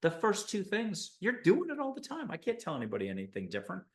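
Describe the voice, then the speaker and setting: A man from the United States hosting a spiritual show, talking in an enthusiastic, rambling monologue full of animated asides. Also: high-pitched, quick pace. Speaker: host.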